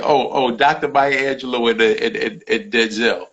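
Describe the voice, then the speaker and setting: A male podcast host and comedian chatting excitedly, stumbling over restarts and giving shout-outs. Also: mid-range voice, normal speed, lo-fi sound. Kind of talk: casual livestream chat.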